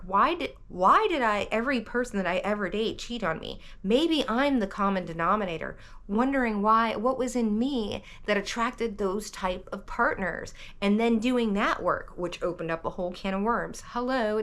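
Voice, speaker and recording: A woman from the American South who reads tarot, talking to camera in a rambling, animated vlog monologue, often cutting herself off mid-sentence. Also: medium pitch, normal speed, few pauses. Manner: rambling, animated, self-interrupting. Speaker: tarot reader vlogger.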